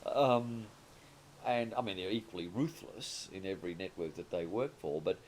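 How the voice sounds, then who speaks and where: A deep-voiced Australian man in his sixties, a comedy writer and producer, speaks at a normal pace over slight background noise. He's an interview guest spinning anecdotes, rambling and frequently starting his thoughts over in a conversational exchange.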